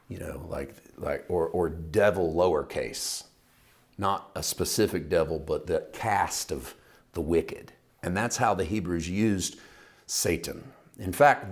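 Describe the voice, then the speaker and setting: A low-pitched man teaches a Bible study lesson, conversational and emphatic, putting questions to his listeners.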